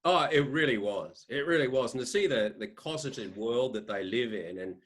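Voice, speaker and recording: A man's voice: mid-range voice, animated, moderate pace, a bit bright. Rambling Australian man in his fifties. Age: 50s. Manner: rambling anecdotal, frequent restarts. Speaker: podcast guest, sports editor. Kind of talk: casual interview storytelling.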